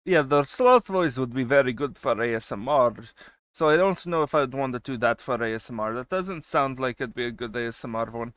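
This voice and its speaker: A man streaming and chatting casually with his viewers. He swings between loud excited bursts and quieter asides, and he swears casually. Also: medium pitch, fairly quick, no room sound. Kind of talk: casual chat with a live stream chat.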